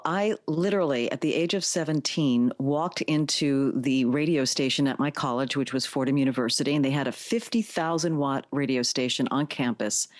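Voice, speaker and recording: Low-voiced woman broadcaster, dry sound. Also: darkish tone, no echo. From New York (the Bronx). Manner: upbeat, smooth broadcaster delivery. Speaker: radio host and interview teacher, guest. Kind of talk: conversational interview answers.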